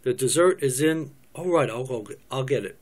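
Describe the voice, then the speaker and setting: A man's voice: medium pitch, lively intonation, normal speed, lightly acted. A man reading a bossy prim mother. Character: prim controlling mother of a girl. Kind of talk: cold reading of a script.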